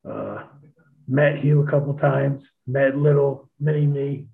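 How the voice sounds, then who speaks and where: A man swapping stories in a relaxed, profane chat, laughing easily as he goes. His voice sits at an ordinary middle pitch. The sound is thin and tinny, as if over a phone line. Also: unhurried, gravelly. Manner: laid-back, profane, laughs often. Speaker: guest telling stories. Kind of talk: casual storytelling chat.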